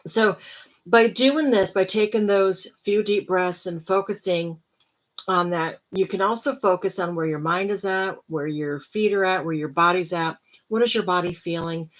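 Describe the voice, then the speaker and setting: A tired woman giving casual self-help talk, rambling and relaxed, now and then dropping to soft whispered breathing cues. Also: lowish voice, normal speed, low-quality recording.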